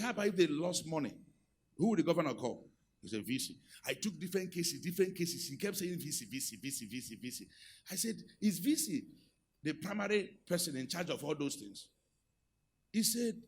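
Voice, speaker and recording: A middle-aged Nigerian man preaching a sermon, moving from quiet asides to loud, rousing exhortation. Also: high voice, expressive, a little fast, slightly rough. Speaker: pastor. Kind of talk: sermon on marriage and leadership.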